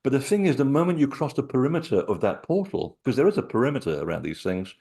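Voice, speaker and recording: A man, an author being interviewed, telling lively personal anecdotes full of asides and quoted thoughts. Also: medium pitch, fast, vocal fry. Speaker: author and researcher of sacred sites. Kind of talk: conversational interview storytelling.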